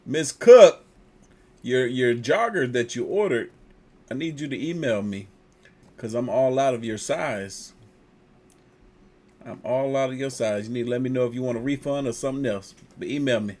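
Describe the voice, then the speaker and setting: A stern, scolding character in a put-on accent, as a man does it on the spot. The delivery is mock-serious and bossy, with a flat, matter-of-fact push. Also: medium pitch, normal speed, long pauses, lightly acted.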